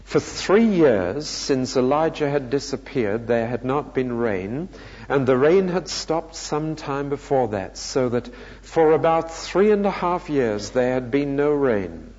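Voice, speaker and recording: A man preaching a sermon, teaching from the Bible in a measured, emphatic way. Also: medium pitch, lively intonation, darkish tone. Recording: lo-fi hall recording with long reverb.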